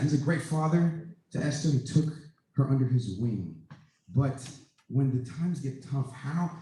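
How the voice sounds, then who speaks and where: A man's voice: mid-range voice, warm tone, a little hiss or hum. A man giving an impromptu speech, emphatic and full of rhetorical questions. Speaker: student speaker. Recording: echoey room.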